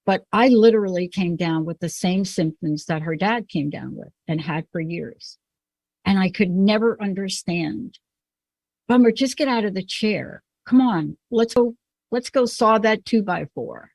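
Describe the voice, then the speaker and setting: A woman's voice: lowish voice, a little mellow, dry recording. Emphatic New York woman host. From the Bronx, New York. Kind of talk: conversational podcast talk.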